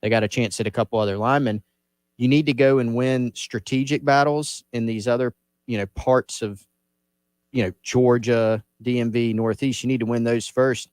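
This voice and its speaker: A man's voice: mid-range voice, steady tone, moderate pace, darkish tone, clear, resonant tone, no echo. A man on sports radio analyzing college football recruiting, thinking aloud and repeating words as he starts his points. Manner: thoughtful, repeats words when starting a thought.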